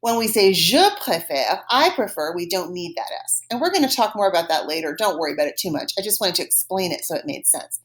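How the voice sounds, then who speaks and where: A woman teaching a French lesson, modeling phrases slowly and clearly for students to repeat, patient and encouraging. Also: fairly low pitch, lively intonation. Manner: slow, exaggerated modeling of phrases for repetition. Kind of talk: recorded language lesson.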